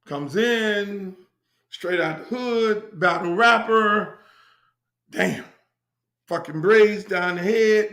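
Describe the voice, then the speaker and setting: On his own show, a middle-aged host from Miami, USA, delivers a casual storytelling monologue, brash and profane, returning to the same phrases again and again. His voice sits high, bright and forceful, in an echoey room.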